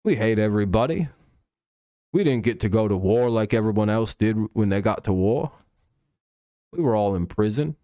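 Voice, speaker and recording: A man's voice: fairly low pitch, animated, normal speed, pauses often, dark tone, no room sound, clean studio sound, natural voice. A man voicing a blunt, boastful Australian man in a half-hearted mock accent that he admits he cannot really do.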